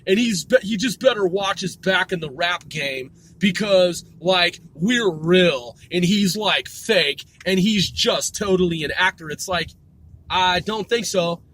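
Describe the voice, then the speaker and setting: A man's voice: sits high, a little slow, a bit bright, a little hiss or hum. A man in his forties, talking casually and rambling with lots of swearing and self-corrections while he drives, for a mobile podcast. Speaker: podcast host. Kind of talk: casual rant while driving. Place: in a moving car. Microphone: mobile recording.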